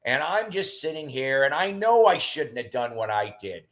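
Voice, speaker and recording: Chatting casually, this middle-aged man wanders from story to story with many fillers and restarts, in an animated, rambling way. His voice is mid-range and his pace moderate.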